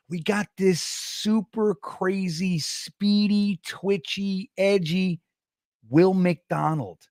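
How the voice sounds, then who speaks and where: A man from New Jersey hosting a casual sports livestream, a loud, excitable storyteller who laughs often. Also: sits high, dry recording, studio quality. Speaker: podcast host.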